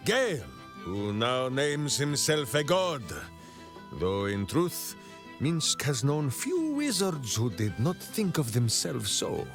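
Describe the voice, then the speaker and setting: A man gives a slow, sing-song, medium-pitched performance as a grandiose, boisterous warrior-ranger in a video game. The character brags and speaks of himself in the third person, over faint game music.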